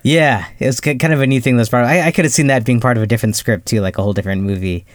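A man's voice: mid-range voice, rapid-fire, no room sound. A man co-hosting a podcast, chatting casually about a film, hesitant and stopping to restart his thoughts. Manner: hesitant, many fillers and restarts, laughs easily. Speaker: podcast co-host.

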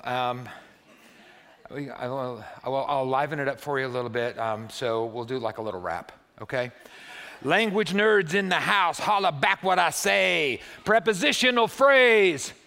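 A male pastor preaching a sermon in a church, playful and animated, swinging from loud, excited bursts to hushed, quiet passages. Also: medium pitch.

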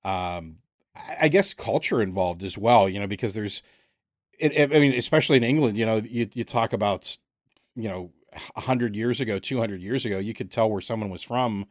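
An American man hosting a casual interview, thoughtful and halting, often restarting his sentences. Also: on the low side, dry recording, studio quality. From United States. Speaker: podcast host.

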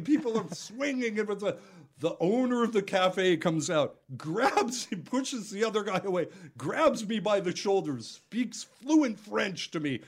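A man who is a juggler and podcast guest, telling a story in casual conversation with lots of laughter, fillers and restarts. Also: high-pitched.

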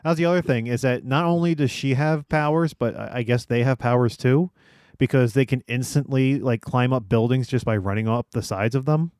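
A man co-hosting a podcast in casual chat, critical and a bit halting, swearing freely. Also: medium pitch, a little mellow, dry recording, clean studio sound.

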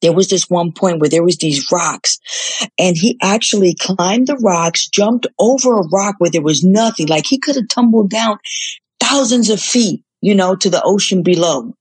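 A woman guest telling a story in a casual interview, animated, swearing casually and acting out the quotes. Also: medium pitch, normal speed, breathy edge. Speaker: guest, former reality show contestant.

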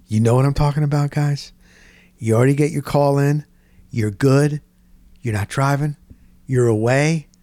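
A middle-aged man, telling a rambling story in casual chat, dropping "boom" into his sentences. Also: no room sound. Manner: animated, punctuates with "boom". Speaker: sports radio co-host.

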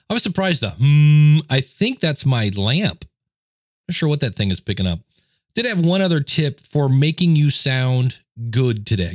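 At his home desk, a chatty male podcast host offers audio tips in relaxed, self-deprecating how-to talk. His mid-pitched voice is close on a dynamic studio mic, and the sound is dry with no room echo.

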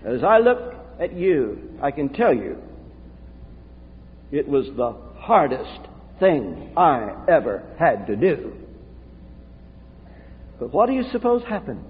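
Male pastor, slow earnest sermon delivery, animated pitch, tinny hall recording. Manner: earnest, confessional, preaching with dramatic pauses. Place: church sanctuary.

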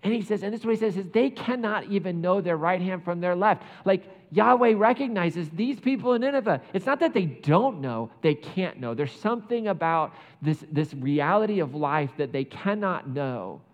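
A man preaching a sermon, retelling a Bible story with lively asides and playing out the characters' lines. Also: sits high, normal speed, hardly any pauses, in a large hall, dull audio. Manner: animated storytelling, acts out biblical characters. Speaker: pastor.

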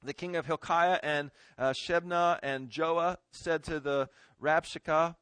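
A man's voice: on the high side, fairly even intonation, takes it slowly, a bit bright, smooth, no room sound. A man preaching a sermon in a folksy, conversational way, often checking in with his listeners. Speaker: pastor.

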